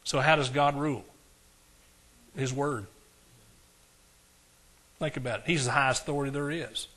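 A man preaching a sermon to a congregation, swinging between loud declarations and quiet asides and asking the crowd questions. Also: mid-range voice, normal speed. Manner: talks directly to the congregation, asks questions. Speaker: pastor.

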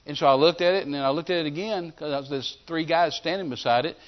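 A man preaching a sermon, telling a healing story in an animated way and acting out the scenes. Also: a little high, quick pace. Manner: animated storyteller who acts out scenes and shouts commands. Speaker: evangelist preacher. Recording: dull lo-fi sermon recording.

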